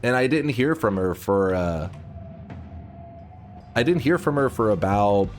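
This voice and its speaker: While streaming a game, a man with a lowish, animated voice tells a rambling story at a measured pace. It's casual and profane, and he keeps breaking off mid-sentence.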